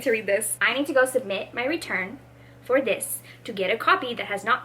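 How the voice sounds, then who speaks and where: A woman's voice: on the high side, fairly quick, a little hiss or hum. A young woman vlogging casually about books, chatty and dramatic with lots of fillers. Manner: animated, dramatic, many fillers. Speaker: book vlogger. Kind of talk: casual vlog chat.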